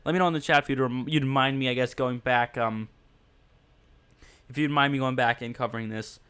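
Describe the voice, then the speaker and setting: A man with a smooth, clear voice hosts a casual livestream podcast. He rambles on with lots of fillers and speaks in a blunt, mocking tone, addressing his viewers directly. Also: mid-range voice, steady tone, fairly quick, a bit bright.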